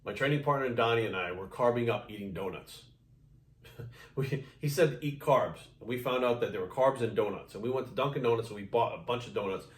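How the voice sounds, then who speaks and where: A man's voice: medium pitch, brisk. Fitness coach guy ranting and cussing nonstop, kinda far from the mic, echoey room. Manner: heavy swearing, passionate and blunt. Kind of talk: ranting vlog monologue. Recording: roomy sound, mic at a distance.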